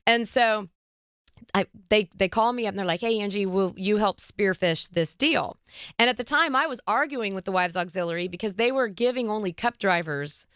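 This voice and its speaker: A woman hosting a podcast, telling a story in a lively, chatty way and squealing up high when she quotes herself. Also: normal speed, clean tone, no echo, studio quality. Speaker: podcast host. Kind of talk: casual storytelling chat.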